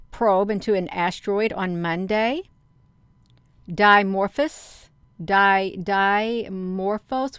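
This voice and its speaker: A woman's voice: mid-range voice, clear, resonant tone, no echo. A woman chatting casually to her viewers, rambling through online rumors with lots of fillers, calling them "you all.". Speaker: vlogger.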